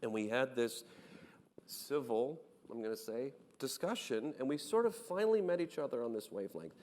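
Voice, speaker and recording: A man on a conference panel, telling anecdotes in an animated way with many restarts. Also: medium pitch, normal speed, big-room sound. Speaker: panel guest, startup founder.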